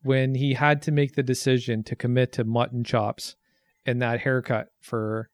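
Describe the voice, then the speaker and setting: An easygoing man chatting over a movie, peppering his talk with swearing and calling his friend dude. His voice is mid-pitched and sounds dry and close. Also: little pitch movement, moderate pace, no echo. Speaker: movie watch-along co-host. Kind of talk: casual chat.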